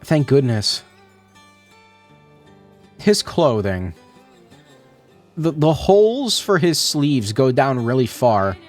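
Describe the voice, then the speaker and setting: A man reading and reacting as he plays a story game on stream. His pitch rises and falls a lot, and he drops casual swears into his comments. Soft game music runs quietly under his voice. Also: big pitch swings, slow pace.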